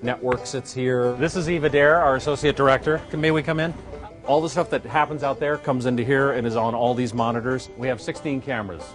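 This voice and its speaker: A man walks through a backstage area giving a playful, joking video blog tour. He points things out as he goes, in a casual manner. Guitar music plays clearly behind him. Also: medium pitch, fairly even intonation, a little fast. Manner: playful, jokey, pointing things out while walking. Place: backstage at an awards show venue.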